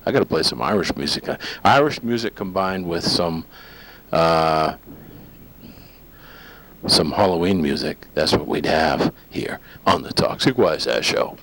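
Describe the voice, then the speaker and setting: Middle-aged male host, rambling and jokey, slightly low voice, casual solo show. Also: animated, measured pace, a bit bright, a little hiss or hum, low-quality recording.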